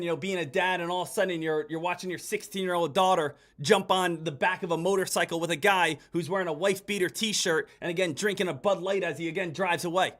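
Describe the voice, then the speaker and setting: High-voiced man giving urgent trading commentary. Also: fairly bright tone. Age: adult. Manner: urgent, repetitive, addresses viewers as guys. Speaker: day trader hosting a livestream. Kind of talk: live market commentary.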